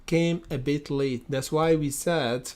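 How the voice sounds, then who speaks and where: Slow and fairly even in intonation, a man with a fairly high, darkish voice hosts a day-trading livestream. He provides live market commentary while thinking aloud, full of fillers and repeated phrases, addressing viewers as guys and brother.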